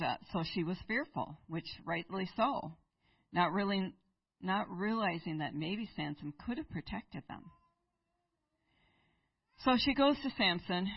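A woman's voice: lowish voice, animated, unhurried, breathy edge, dry recording, far from the mic, highs cut off. A woman preaching in church, retelling a Bible story and asking her listeners rhetorical questions. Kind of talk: sermon.

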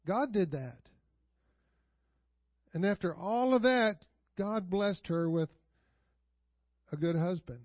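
In a church sanctuary, a high-pitched, animated pastor preaches slowly with long pauses, telling stories conversationally and pressing the congregation with rhetorical questions. He chuckles often, and the recording is dry, dull and lo-fi, with no room echo.

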